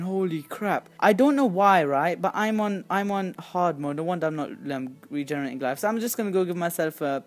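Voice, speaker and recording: A woman hosting a gaming video, giving excitable, chatty commentary as she plays and often squealing in excitement. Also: lowish voice. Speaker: gaming channel host. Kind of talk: casual game commentary.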